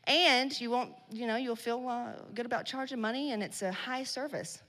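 A woman's voice: fairly high pitch, normal speed, few pauses. Blunt, swearing woman in an echoing hall. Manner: blunt, swearing, slangy and loud in bursts. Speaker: speaker at a women's business event. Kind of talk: profane motivational talk to a live audience. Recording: long hall reverb.

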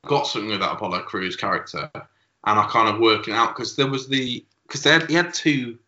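Podcast co-host, man, low bright voice, laid-back and stumbling; echoey room, dull lo-fi sound. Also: fairly quick. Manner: stammering, repeats words, laid-back. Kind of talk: casual podcast chat.

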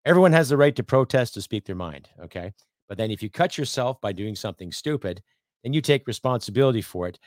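A middle-aged Canadian man hosting his own podcast, ranting bluntly and profanely, swinging from loud outbursts to low muttering. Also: expressive, fast, dry recording, clean studio sound. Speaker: podcast host. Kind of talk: opinionated rant.

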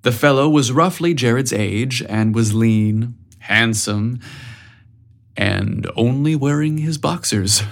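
Slow, measured male storyteller. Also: medium pitch, creaky. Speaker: narrator. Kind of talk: scripted audiobook narration.

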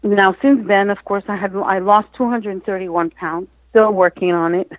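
A woman's voice: medium pitch, a little slow, no echo, low-quality recording. A woman guest, a motivational speaker, earnestly telling a personal story in an interview, rambling and restarting as she goes.

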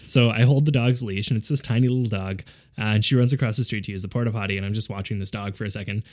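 A man's voice: fairly low pitch, fairly even intonation, quick pace. A man telling a rambling anecdote in a casual chat, often laughing as he goes. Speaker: podcast co-host.

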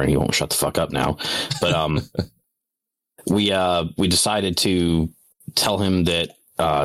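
A man's voice: very deep voice, fairly bright tone, dry recording. A young man chatting casually on a podcast, rambling through funny family stories with frequent swearing and laughter. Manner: rambling, swearing storyteller who laughs a lot. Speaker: podcast co-host. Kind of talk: casual chat.

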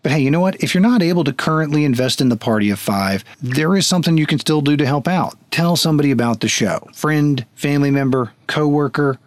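A man's voice: on the high side, expressive, quick pace, few pauses, no echo. A man running a tabletop game as game master and podcast host, joking and casually profane. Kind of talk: running a tabletop game, then patron thanks.

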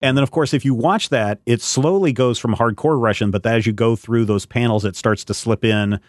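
A man's voice: mid-range voice, fairly quick, dry recording, studio quality. A man hosting a podcast in casual chat, rambling and searching aloud for names and details. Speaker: podcast host.

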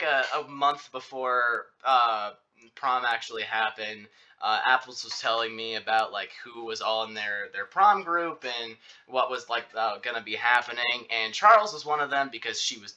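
A young man telling a long personal story in casual chat, rambling with many fillers and restarts. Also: mid-range voice. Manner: rambling, filler-heavy, animated retelling. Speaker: podcast host telling a story.

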